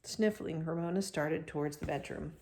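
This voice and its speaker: A woman reading a chapter book aloud to children, expressive and breaking off for chatty asides to them. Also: low-pitched, normal speed, a little hiss or hum.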